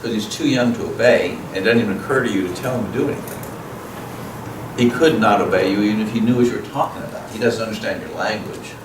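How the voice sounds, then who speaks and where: A low-voiced man teaches at a parenting seminar in a plain, conversational way, slipping into short acted exchanges between parent and child. He sounds distant from the microphone, and the room gives his voice a strong echo. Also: fast. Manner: plain-spoken, acts out parent and child dialogue. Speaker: guest speaker at a parenting seminar. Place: school event room. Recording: echoey room, voice from far off, noisy.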